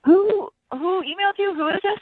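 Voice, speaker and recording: A woman's voice: very high voice, moderate pace, a crowd in the background. A woman called on air by a radio show, answering warily over the phone. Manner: wary, increasingly exasperated. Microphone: telephone. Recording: tinny phone line.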